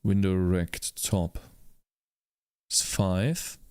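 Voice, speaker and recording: A man's voice: sits low, extremely slow, a little mellow, smooth, no echo, clean studio sound. A young man coding a game while talking to himself, muttering through problems and breaking into frustrated, swearing outbursts. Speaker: indie game developer. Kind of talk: live coding commentary.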